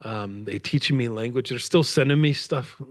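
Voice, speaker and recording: A man from Canada telling stories as the guest speaker at a book talk, rambling and animated and laughing often. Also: mid-range voice, moderate pace, dry recording, studio quality. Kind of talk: conversational storytelling. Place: lecture event with audience.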